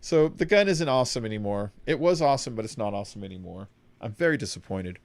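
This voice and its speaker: Excitable young man streaming a game. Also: mid-range voice, fast, vocal fry, no echo. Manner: rambling, excitable, swears freely. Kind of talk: casual gaming commentary.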